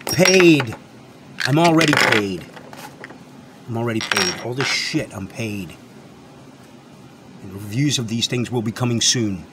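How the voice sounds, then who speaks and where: A man with a fairly low-pitched voice rants against a noisy background. Host of his own channel and a product reviewer, he lectures viewers without a script, forceful and repetitive, swearing all the while.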